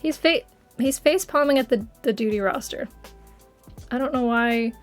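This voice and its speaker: A woman's voice: fairly high pitch, normal speed, soft background music. A woman streamer in casual livestream chat, rambling and giggly, swearing casually as she talks.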